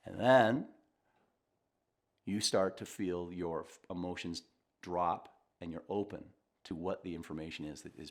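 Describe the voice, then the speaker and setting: Low-voiced guy coaching to camera, calm, reflective, sincere. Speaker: communication coach. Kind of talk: advice talk to camera.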